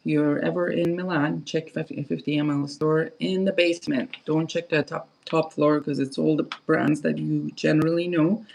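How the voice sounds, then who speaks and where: Heavily gravelly woman chatting casually. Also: deep voice, fairly even intonation, moderate pace, few pauses, darkish tone, slight background noise, rough recording. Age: adult, parent of kids. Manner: rambling, chatty, many fillers and restarts. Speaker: perfume livestream host. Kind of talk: casual livestream chat.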